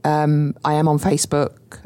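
Low-voiced woman, English-Kiwi accent. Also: measured pace, clean tone. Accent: English and New Zealand. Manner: animated, emphatic storytelling. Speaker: podcast guest. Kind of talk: enthusiastic interview chat.

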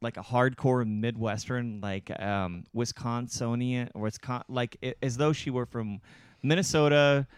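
A man's voice: mid-range voice, steady tone, unhurried, clear, resonant tone, dry recording, clean studio sound. A man from Texas bantering on a podcast, joking around and stumbling over his words as he corrects himself.

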